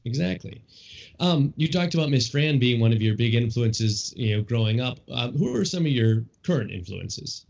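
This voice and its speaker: A man hosting a casual podcast interview, asking rambling, halting questions full of fillers. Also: mid-range voice, lively intonation, gravelly, darkish tone. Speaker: podcast host. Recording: dull lo-fi podcast audio.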